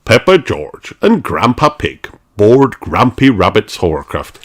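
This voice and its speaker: Storybook narrator, slow and deliberate, with a widely swinging voice, for a children's read-aloud. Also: low-pitched. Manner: lively, expressive storytelling. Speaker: storybook reader.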